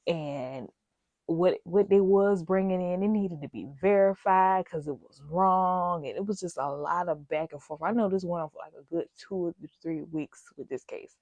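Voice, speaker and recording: Candid lower-voiced woman telling a story. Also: moderate pace, darkish tone, no room sound, lo-fi sound. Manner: candid, rambling, emphatic, addresses viewers directly. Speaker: vlogger telling a work story. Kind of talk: casual storytime chat.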